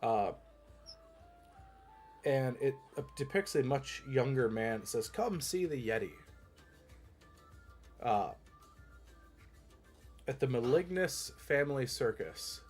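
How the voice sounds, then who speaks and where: A male game master who describes the scene in a loose, wandering way and restarts his sentences often. His voice is slightly husky and sits in a middle register, and faint music plays behind him. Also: mid-range voice, slow pace, long pauses, darkish tone. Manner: meandering, many fillers and restarts. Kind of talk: narrating a tabletop game.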